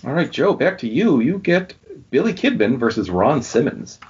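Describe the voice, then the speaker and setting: A man hosts a trivia round on a casual podcast. His voice is husky and raspy, and his pitch swings around as he announces each question. The recording is dull and lo-fi. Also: very animated, moderate pace, darkish tone. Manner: reads out questions and answers, laughs easily. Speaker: podcast host running a trivia game. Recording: dull lo-fi sound.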